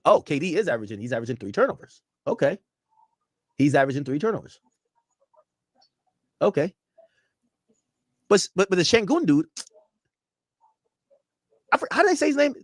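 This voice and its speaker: A man's voice: a little high, moderate pace, pauses often, dry recording, clean studio sound. A young man streaming a casual reaction, rambling and swearing freely as he riffs to his chat. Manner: animated, profane, rambling banter with chat.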